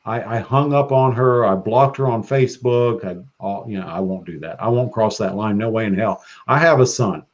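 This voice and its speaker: Man, podcast guest, profane and excitable, dull lo-fi sound. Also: lowish voice, moderate pace, few pauses. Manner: profane, excitable, laughs often. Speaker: guest practitioner. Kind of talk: casual podcast chat.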